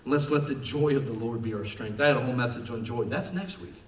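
A man's voice: medium pitch, fast, slight background noise. Passionate preacher man in an echoey church. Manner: passionate, swings from quiet to shouting. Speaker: pastor. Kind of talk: sermon. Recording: echoey church room from far off.

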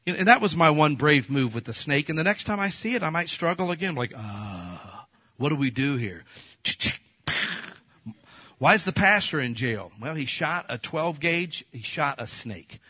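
Male pastor, folksy sermon delivery, dry close recording, slightly husky tone. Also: on the high side, fairly quick, few pauses, no room sound. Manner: animated storytelling, acts out quoted voices; folksy, addresses the congregation as folks.

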